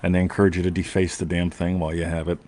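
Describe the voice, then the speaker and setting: Speaking at a racing clip, a man hosting a show tells a lengthy personal story in loose, rambling fashion, breaking into his own sentences and frequently asking "right?" He's American, with a deep, slightly mellow voice that barely shifts in pitch.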